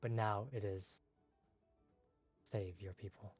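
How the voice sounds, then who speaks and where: A man's voice: fairly low pitch, steady tone, slow, a little mellow, husky, soft background music. A man narrating a tabletop game as game master, loose and chatty.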